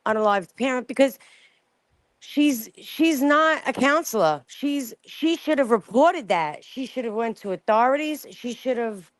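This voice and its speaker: A woman's voice: fairly high pitch, animated, measured pace, dry recording. A woman with a New York accent, calling into a live chat and speaking bluntly, often laughing. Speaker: caller. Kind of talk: casual chat.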